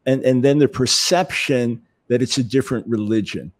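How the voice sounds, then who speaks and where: A man speaking as an interview guest, animated, often repeating words as he builds a point. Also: medium pitch, normal speed. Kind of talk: conversational interview.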